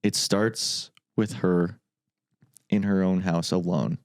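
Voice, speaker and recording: Man, lower voice, podcast co-host, relaxed storyteller, dry studio mic. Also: takes it slowly, no echo. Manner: relaxed storyteller, laughs while recounting. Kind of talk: casual chat.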